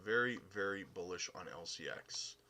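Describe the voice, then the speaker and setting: A man's voice: sits low, normal speed, noisy background. A Canadian man hosting a casual crypto live stream, answering chat in a chummy, upbeat way with many fillers.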